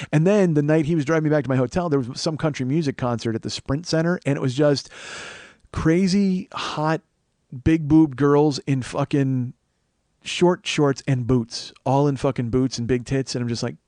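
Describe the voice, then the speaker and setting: Man, 40s, comedy podcast host, storytelling monologue, swears a lot, rambling, self-correcting, mid-pitched, dry close mic. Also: darkish tone, no echo.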